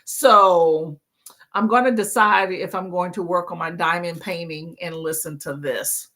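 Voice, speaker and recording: A woman's voice: on the low side, measured pace, a bit bright. A tired woman hosting a casual reading livestream, chatty and laughing often as she greets her chat. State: tired from no sleep. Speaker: livestream book club host.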